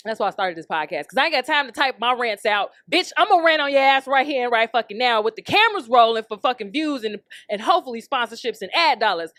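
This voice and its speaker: A young woman hosting her own podcast, ranting in a brash, heated way and swearing at nearly every turn. Her voice sits a little high, and it is recorded dry with no room sound. She breaks into laughter often. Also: animated, fast, hardly any pauses, fairly bright tone, no room sound. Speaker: podcast host. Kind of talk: profane comedic rant.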